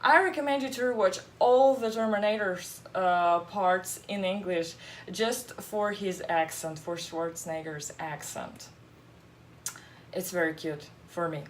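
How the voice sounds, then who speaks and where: A woman's voice: lowish voice, steady tone, unhurried, slight background noise. A woman English teacher, chatting casually, laughing often and using many fillers. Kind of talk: casual chat.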